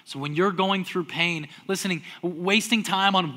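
A man's pastor voice, pitched high and bright, preaching with a lively, conversational sermon style. He swings from loud, acted-out outbursts down to hushed near-whispers. He sounds like a young adult. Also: moderate pace.

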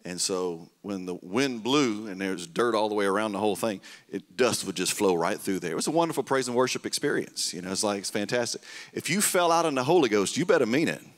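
A male pastor, preaching a sermon and telling stories, swinging between loud bursts and hushed, tender lines. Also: fairly low pitch, animated, brisk. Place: church sanctuary. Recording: reverberant church hall.

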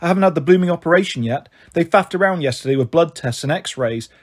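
Male reader as a busy, loving mum, husky and rushed. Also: on the high side, lively intonation. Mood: hurried. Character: hospitalised mum, warm and hurried.

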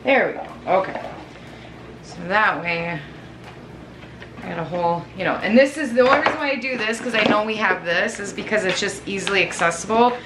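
A woman's voice: mid-range voice, expressive, fairly quick, heavy background noise. A woman filming herself cleaning her kitchen at home, chatting and rambling to herself and laughing at her own remarks. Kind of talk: casual chatty self-talk while cleaning. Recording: echoey room, from far off, with music. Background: background music.

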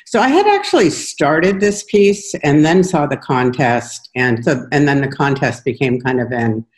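A woman in her forties, a writing contest winner, reading her own personal essay aloud in a measured, earnest way. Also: deep voice, very animated.

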